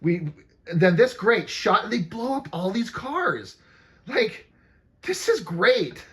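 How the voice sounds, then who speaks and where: A man talks through a film as it plays, his pitch swinging widely as he gets excited. His delivery is a loose, laughing play-by-play, full of swearing and cut-short thoughts, the easy chat of a movie commentary host. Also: slow pace. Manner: animated, profane play-by-play with frequent laughter. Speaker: podcast host.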